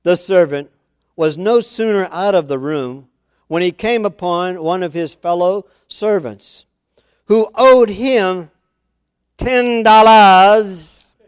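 A pastor preaches a sermon in a high, expressive, smooth voice, speaking slowly. He reads scripture aloud and drives his points home with repeated phrases and questions to the congregation. The studio-quality sound has no room noise.

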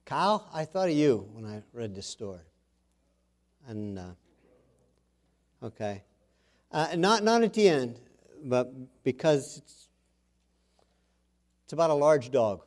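A middle-aged male pastor preaching a sermon in a folksy, animated storytelling way. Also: mid-range voice, takes it slowly, pauses often.

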